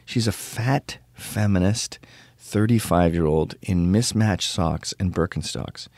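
A man's voice: sits low, slow, darkish tone, dry recording, studio quality. A middle-aged man hosting his own show, telling crude stories in a ranting casual monologue. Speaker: show host.

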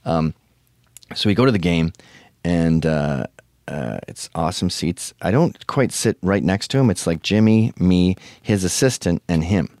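A man's voice: deep voice, expressive, unhurried, a little mellow, no room sound, clean studio sound. A man hosting a podcast, telling a rambling, profane comic story full of tangents. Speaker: podcast host. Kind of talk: casual comedic storytelling.

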